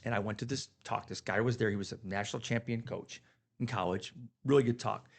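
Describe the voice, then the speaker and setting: A man's voice: on the low side, a little fast, gravelly. A man on a podcast telling heartfelt stories about his kids in casual chat, getting emotional. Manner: earnest, emotional storytelling. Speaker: podcast guest.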